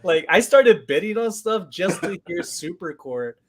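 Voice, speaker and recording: A man hosting a casual chat, telling lively stories and acting out what people said. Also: high-pitched, measured pace. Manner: animated storyteller, acts out voices. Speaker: podcast host.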